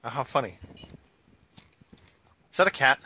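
A man's voice: mid-range voice, lively intonation, unhurried, sharp tone, breathy edge. A man co-hosting a casual podcast chat, teasing the others and steering the talk. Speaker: podcast co-host.

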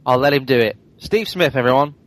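A man's voice: mid-range voice, brisk, no room sound, low-quality recording. A man co-hosting a casual game podcast, talking chattily with jokey asides. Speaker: podcast co-host.

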